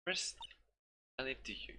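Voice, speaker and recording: A man voicing a curt woman prosecutor who speaks quietly and coldly, with game music behind. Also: a little slow, very noisy, natural voice. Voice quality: quiet, clipped, cold.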